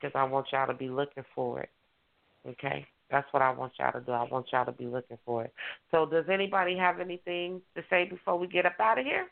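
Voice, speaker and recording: A man's voice: a little high, steady tone, fast, vocal fry. A man hosting an online radio show, hyped and repetitive, calling out to his listeners. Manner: hyped, repetitive, call-and-response. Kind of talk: casual radio show talk. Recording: tinny phone line.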